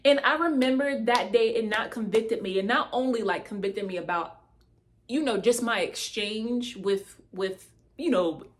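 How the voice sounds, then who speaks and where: A woman telling a personal testimony in a casual, animated way, speaking straight to her listeners. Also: fairly high pitch.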